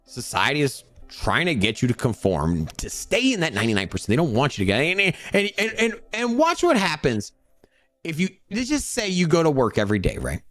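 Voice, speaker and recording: Animated man ranting into a dry mic. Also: fairly high pitch, brisk, dry recording, soft background music. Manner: animated, repeats words, acts out quoted voices. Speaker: crypto channel host. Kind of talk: casual motivational rant.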